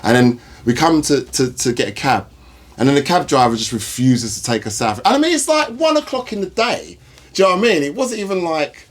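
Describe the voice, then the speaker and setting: A man hosting a podcast, telling stories in casual chat, animated and swearing, acting out the people in them. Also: a little high, brisk. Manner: animated storyteller, swears, acts out voices. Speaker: podcast host.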